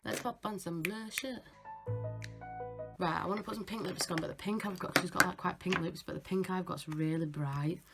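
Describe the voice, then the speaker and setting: A woman's voice: fairly low pitch, a little fast, over loud music. A young woman chatting casually and giggling through a makeup tutorial. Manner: chatty, giggly, self-mocking. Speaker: makeup artist vlogger.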